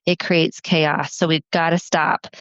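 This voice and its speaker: A woman hosting a podcast as a family therapist, talking earnestly and encouragingly, counting off her points slowly. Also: deep voice, little pitch movement, no echo, lo-fi sound. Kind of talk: solo podcast talk.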